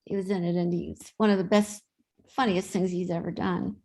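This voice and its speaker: A woman's voice: fairly low pitch, level tone, moderate pace, a little mellow. A woman guest in an interview, chatting and telling stories in an easy way. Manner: chatty anecdotal storyteller. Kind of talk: casual interview storytelling.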